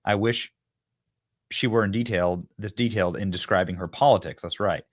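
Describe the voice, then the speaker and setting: Low-voiced man hosting mocking commentary. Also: fairly quick. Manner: mocking, sarcastic, laughs often. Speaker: host. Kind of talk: political commentary.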